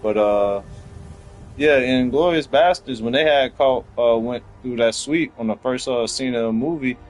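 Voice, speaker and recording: A young man hosting a casual podcast chat, telling stories in a heated, profane way that climbs into loud outbursts. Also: medium pitch, normal speed, poor audio. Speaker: podcast host.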